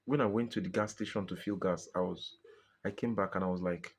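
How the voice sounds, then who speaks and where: A man's voice: low-pitched, fairly even intonation, fairly quick, slightly rough. A Nigerian man venting in a frustrated personal monologue to his viewers, exasperated and pleading, often repeating himself. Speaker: vlogger.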